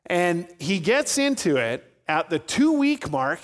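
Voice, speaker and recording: A man's voice: sits high, sing-song, slow, hardly any pauses, in a large hall. A man preaching a sermon as pastor, telling stories and acting out voices in his anecdotes.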